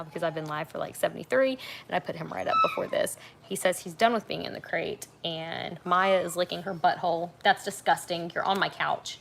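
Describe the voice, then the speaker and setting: Young woman, livestream host, low gravelly voice, chatty, candid, rambling. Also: moderate pace, a bit bright, a little hiss or hum. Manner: chatty, frank, rambling with fillers. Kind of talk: casual livestream chat. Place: at home on a couch.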